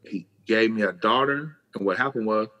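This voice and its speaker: A middle-aged man from California, a podcast guest telling his life story in casual, animated talk, swearing freely and acting out the voices of people he quotes. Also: lowish voice, moderate pace, lo-fi sound.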